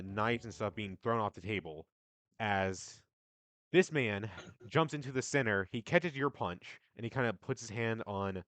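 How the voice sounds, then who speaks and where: Animated man running a tabletop game. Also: on the low side, no room sound. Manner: animated, jumps into loud character voices. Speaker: game master. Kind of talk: narrating a tabletop game and voicing characters.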